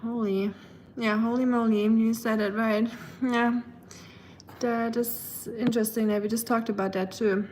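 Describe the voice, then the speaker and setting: Chatty woman live streamer, slightly high voice. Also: little pitch movement, a little mellow, a little hiss or hum. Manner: chatty and rambling, with many fillers and quick laughs. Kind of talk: casual chat reading viewer comments.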